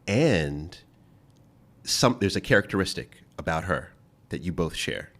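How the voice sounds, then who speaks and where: This man hosts an interview podcast in a low, animated, slightly bright voice. Playful and casual, he laughs often and leans on key words with drawn-out emphasis.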